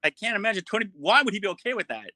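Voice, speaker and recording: A man's voice: high-pitched, sing-song, very fast, sharp tone, dry recording. A man who is a guest on a podcast, chatting casually and often sounding puzzled and questioning. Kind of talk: casual chat.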